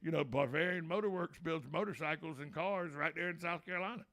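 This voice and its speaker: A man's voice: a little high, fairly quick, fairly bright tone. A man hosting a local radio talk show, folksy, joking and opinionated.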